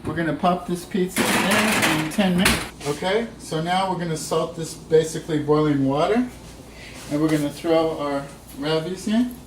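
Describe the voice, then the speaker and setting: A man's voice: fairly high pitch, normal speed, noisy background. Chatty man demonstrating cooking, echoey kitchen. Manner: relaxed, chatty, talks while working. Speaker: cooking instructor.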